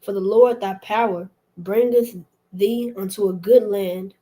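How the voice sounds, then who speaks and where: Mellow-voiced woman reading scripture. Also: medium pitch, fairly even intonation, measured pace, poor audio. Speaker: scripture reader.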